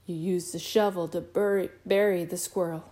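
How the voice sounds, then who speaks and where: A woman voicing a stern, exasperated mother who speaks slowly and emphatically, spelling each word out. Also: mid-range voice, warm tone, natural voice. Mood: emphatic. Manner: slow, emphatic, spelling things out.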